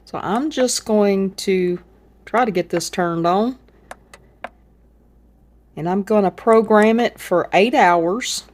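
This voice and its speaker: Pausing often, the cooking channel host speaks slowly at a medium pitch. She keeps it casual, chatty and folksy while demonstrating a dish in her home cooking video.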